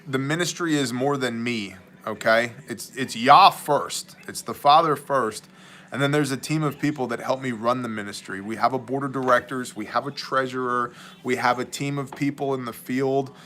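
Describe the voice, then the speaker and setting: A man hosts a casual livestream, answering viewer messages as they scroll by. His voice is bright and forward. He jokes, rambles and slips into mock voices. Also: medium pitch. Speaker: livestream host and ministry leader.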